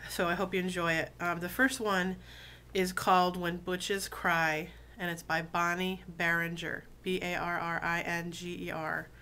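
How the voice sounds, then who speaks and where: Woman, under the weather, low-pitched, slow pace, casual chat with fillers, unhurried poetry reading. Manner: relaxed, many um fillers, deliberate drawn-out reading. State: sick, voice lower than usual. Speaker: video blogger reading poetry.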